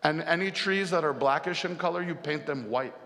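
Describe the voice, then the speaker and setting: A man putting on the high, outraged voice of a young goddess woman who is furious with her beloved. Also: fairly quick, bright, forceful tone, a little hiss or hum. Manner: shrill, outraged protesting. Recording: long hall reverb, faint music.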